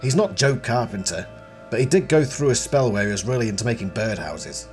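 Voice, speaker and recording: A chatty man reviewing a book series, mixing casual commentary with passages read aloud. His pitch moves a lot and he reads with expression. Faint music runs underneath. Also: expressive, brisk.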